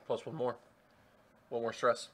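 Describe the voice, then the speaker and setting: A man narrating as game master in a tabletop game, telling the story in an animated way. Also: mid-range voice, unhurried.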